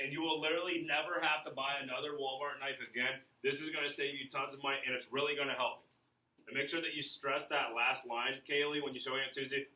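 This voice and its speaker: Energetic male sales trainer in an echoey room. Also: mid-range voice, far from the mic. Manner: energetic, coaching, checks in often with "right?".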